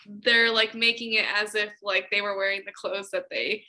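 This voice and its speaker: A woman's voice: medium pitch, flat delivery, normal speed, sharp tone. A woman guest on a podcast, chatting casually about a film, giggling often and using many filler words. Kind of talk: casual chat.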